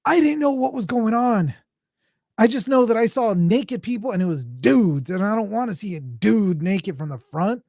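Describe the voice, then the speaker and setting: Man, 40s, podcast host, casual movie talk, rambling and jokey, a bit high-pitched, dry close sound. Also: expressive, normal speed, darkish tone, no echo. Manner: rambling, jokey, with many restarts and asides.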